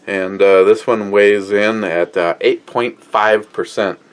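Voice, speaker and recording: A man with a fairly low voice hosts a casual beer review vlog. He rambles off the cuff, fills his talk with "uh," and reads viewer comments aloud. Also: steady tone, slow pace, background noise. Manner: rambling, off-the-cuff, with many fillers.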